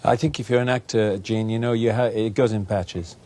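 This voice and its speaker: A man's voice: lowish voice, fairly even intonation, a little fast, a little mellow. A man from England, a guest on a talk show, speaking hesitantly with many fillers and a playful streak. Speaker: guest actor.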